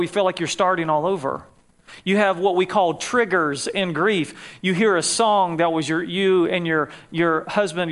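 A man's voice: sits high, a bit bright. A middle-aged man, a grief counselor, preaching a sermon to a live audience in a conversational way, asking them questions and joking lightly.

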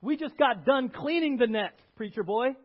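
A man's voice: mid-range voice, wildly swooping pitch, moderate pace, husky, pitched below the performer's own voice. A man voicing a tired, irked fisherman who grumbles and talks down to a newcomer. He mocks with a dismissive edge. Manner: grumbling, mocking. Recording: dull lo-fi recording.

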